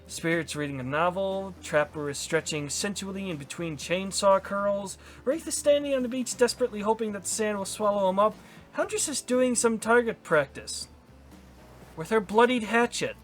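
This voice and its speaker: A man voicing a scheming, smooth-talking male narrator of a resort island, sly and persuasive. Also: sits high, moderate pace, faint music behind, close to an everyday voice. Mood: coaxing.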